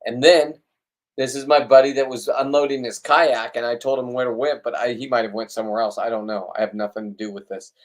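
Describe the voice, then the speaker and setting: A man records a casual fishing vlog outdoors. He rambles bluntly and pokes fun at himself. His pitch sits in the middle. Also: fairly even intonation, a little fast. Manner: blunt, rambling, self-deprecating. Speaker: fishing vlogger.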